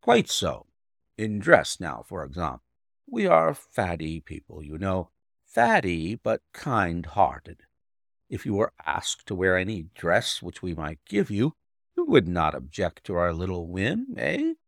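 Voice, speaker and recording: A man reading an audiobook, voicing a fussy, odd gentleman employer who coaxes in a persuasive way. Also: low-pitched, huge pitch swings, unhurried, vocal fry, no room sound, studio quality, voice pushed down, heavily acted. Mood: coaxing.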